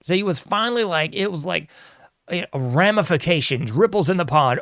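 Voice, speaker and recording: A man's voice: a little high, expressive, brisk, a bit bright, dry recording, studio quality. A man hosting his own show, rambling and sarcastic, laughing often as he talks. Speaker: podcast host. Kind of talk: casual solo commentary.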